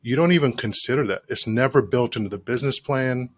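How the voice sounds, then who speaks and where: A man's voice: medium pitch, quick pace. A man hosting an interview, speaking encouragingly to his guest before asking a question. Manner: warm and encouraging toward the guest. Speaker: podcast host. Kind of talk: interview conversation.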